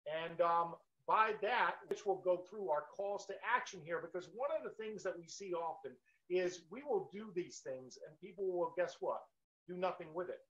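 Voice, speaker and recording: A man co-hosting a live marketing stream, pitching in an emphatic, motivational way. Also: normal speed, a bit bright. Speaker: co-host of a marketing webinar. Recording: dull, lo-fi stream audio.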